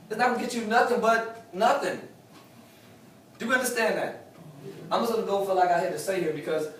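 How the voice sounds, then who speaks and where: Heard through a distant mic, a man with a somewhat high voice gives a preachy live motivational talk at a sales meeting, repeating his main lines for emphasis. His words ring through a very echoey hall, with faint room noise underneath.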